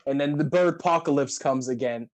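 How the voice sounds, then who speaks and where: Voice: mid-range voice, a little fast. A podcast co-host casually recapping a movie, acting out the characters' lines. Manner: animated storytelling, acts out characters' lines.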